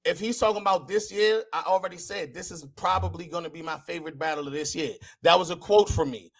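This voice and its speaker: A man's voice: on the high side, fast. A man, a battle rapper, arguing heatedly with a rival and repeating himself to talk over others. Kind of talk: heated face-off argument.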